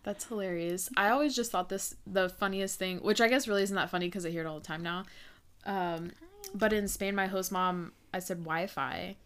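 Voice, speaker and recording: A young woman in her twenties co-hosting a podcast from a living room, telling stories in a relaxed way and laughing often. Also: mid-range voice, moderate pace. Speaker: podcast co-host. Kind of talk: casual chat.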